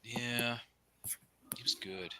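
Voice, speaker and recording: A young man co-hosting a casual fan podcast, gushing with enthusiasm and tossing in quick asides and pop-culture jokes. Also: medium pitch, steady tone, sharp tone, a little hiss or hum. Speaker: podcast co-host.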